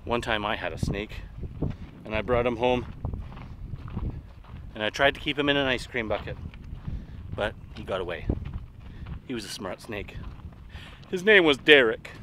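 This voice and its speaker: Dad vlogging a desert hike, bouncy lively voice, wind and outdoor noise all around. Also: male voice, mid-range voice, measured pace, long pauses. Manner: chatty, upbeat, encouraging. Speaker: parent vlogger hiking with kids. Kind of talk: casual family vlog narration.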